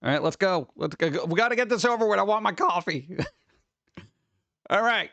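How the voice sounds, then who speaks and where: High-voiced man rambling on a live stream. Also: normal speed, vocal fry, dry recording, muffled recording. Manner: rambling, excitable, greets chat by name. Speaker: livestream host. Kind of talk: casual live-stream chat.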